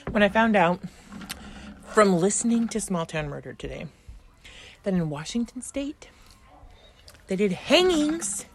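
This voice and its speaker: Giggly swearing woman podcast host. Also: medium pitch. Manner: rambling, giggly, swears freely. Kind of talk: casual chat.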